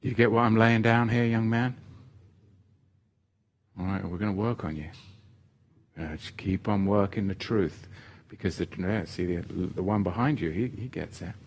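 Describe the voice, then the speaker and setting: A man's voice: on the low side, normal speed, pauses often. Fervent preaching man. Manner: fervent, preaching, rising to loud emphatic pleading. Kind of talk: sermon.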